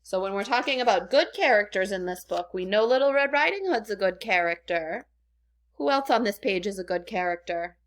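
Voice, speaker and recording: A woman's voice: medium pitch, expressive, a little fast. A woman teacher reading a storybook lesson aloud to children, stopping to ask the class questions. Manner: friendly, asks the class questions.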